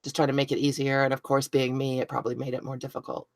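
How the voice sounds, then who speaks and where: A woman's voice: a bass voice, little pitch movement, fast talker, dry recording. A woman hosting a live craft stream, chatting casually with viewers by name and poking fun at her own mistakes. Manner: chatty, self-deprecating, talks to viewers by name. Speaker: craft video host.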